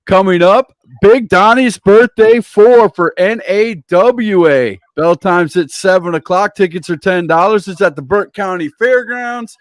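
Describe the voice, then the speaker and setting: High-voiced man plugging wrestling shows. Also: a little slow, few pauses, dry recording. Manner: enthusiastic promo delivery with repeated catchphrases. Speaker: interview show host. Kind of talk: casual interview, promoting events.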